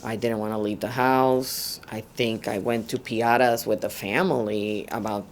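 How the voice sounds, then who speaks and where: A woman's voice: very deep voice, fairly even intonation, moderate pace, a little hiss or hum. A middle-aged woman, telling her story in an oral history interview and switching between Spanish and English.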